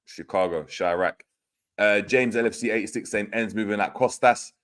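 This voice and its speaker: A man's voice: on the low side, moderate pace, a bit bright. A man hosting a livestream, reading chat comments aloud in slangy, teasing banter. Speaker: host reading live chat.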